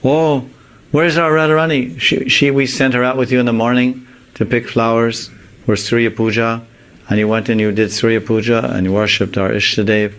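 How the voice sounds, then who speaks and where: A man's voice: medium pitch, little pitch movement, moderate pace, a bit bright, clear, resonant tone, voice pushed up, lightly acted. A man voicing a distraught mother, alarmed and reproachful. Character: distraught mother searching for her daughter.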